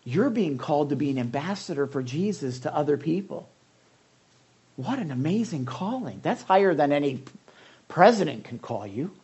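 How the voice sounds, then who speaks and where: Husky guy pastor preaching, chatty, talks right to folks in the pews by name. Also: a little high, big pitch swings, moderate pace, a little mellow, muffled recording. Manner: conversational, addresses listeners by name. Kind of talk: sermon.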